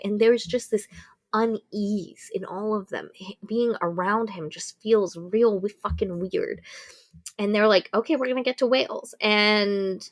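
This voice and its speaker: Woman podcast co-host, casual storyteller, animated, salty language. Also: a little high. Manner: animated retelling with profanity and acted quotes. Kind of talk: casual book review chat.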